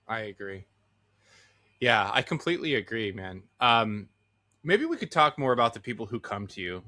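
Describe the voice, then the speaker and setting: A man hosting an interview, agreeing warmly with his guest and asking him open questions. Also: on the low side, big pitch swings, moderate pace. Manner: affirming, asks questions with restarts. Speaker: podcast host, interviewer. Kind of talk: casual interview conversation.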